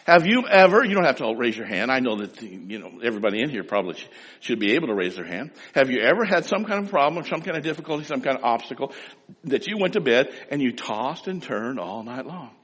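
A man preaches with a bright, husky voice whose pitch rises and falls freely. His talk rings with the long reverb of a large hall, and he speaks straight to the people in front of him. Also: fast talker. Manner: animated storytelling, acts out loud pleading prayers; speaks directly to the congregation. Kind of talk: sermon.

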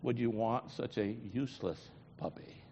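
A man's voice: mid-range voice, moderate pace, a little mellow, a little hiss or hum, voice pushed down, natural voice. A blunt but kind older farmer, voiced by a male preacher, speaking plainly and patiently. His voice carries a long hall echo. The recording sounds muffled and lo-fi.

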